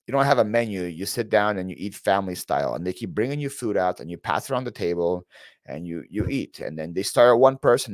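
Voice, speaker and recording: Casual male streamer, low voice, dry sound. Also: no echo. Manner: rambling storyteller, reads chat names aloud, frequent fillers and restarts. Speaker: reseller YouTuber hosting a live Q&A. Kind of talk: casual live-stream chat.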